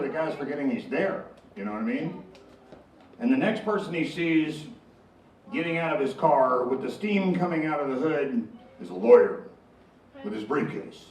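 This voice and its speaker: Male stand-up comic with a snake act, slightly high voice, jokey storyteller, recorded from a distance in a roomy hall. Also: a little hiss or hum. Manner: jokey storyteller, chuckles at own punchlines. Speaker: comedian and snake handler. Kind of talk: stand-up comedy with live snake. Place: live show before an audience. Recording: echoey room from far off. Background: audience.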